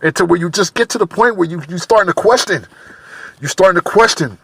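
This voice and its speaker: An emotional man speaks straight to camera in a halting, repetitive way, circling back to the same words. His voice sits a little high and has a bright, forceful edge. The sound is dry and close. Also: expressive, gravelly, slightly rough, dry recording. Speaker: vlogger. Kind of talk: personal confessional monologue.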